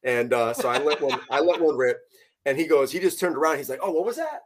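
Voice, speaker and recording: A man casually telling a fishing story, animated and profane, laughing as he goes. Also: mid-range voice, a little fast.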